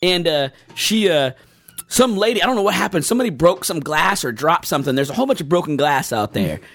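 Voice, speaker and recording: A man with a fairly high voice, telling long rambling stories in a loose, profane chat. He laughs a lot between lines. The sound is close and dry. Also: lively intonation, fast, fairly bright tone, no room sound. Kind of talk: casual chat, storytelling.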